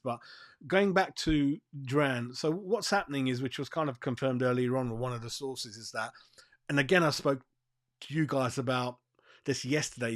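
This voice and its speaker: A man hosting a football fan channel, giving a blunt, profane and fired-up rant on transfer news. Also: medium pitch. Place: seated, in a dry room.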